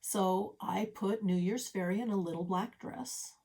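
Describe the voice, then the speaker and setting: A woman's voice: mid-range voice, unhurried, gravelly, warm tone. A middle-aged woman showing her cross-stitch projects in a casual home vlog, chatty and self-deprecating with rambling asides. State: a little out of breath. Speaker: stitching vlogger. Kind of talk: casual show-and-tell vlog. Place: home craft room.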